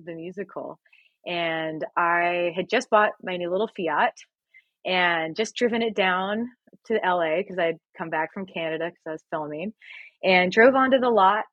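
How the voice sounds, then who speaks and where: A woman in her thirties, a singer and actress, telling animated stories as a guest in a casual interview. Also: on the low side, normal speed, no echo, dull audio. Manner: animated, laughing storyteller.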